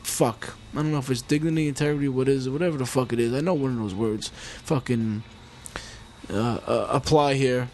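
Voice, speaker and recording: A man's voice: mid-range voice, a little fast, darkish tone, a little hiss or hum. A man in his forties hosting his own podcast, rambling and heated, swearing often as he talks into a mic with a homemade pop filter at home. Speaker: podcast host. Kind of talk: casual profane monologue.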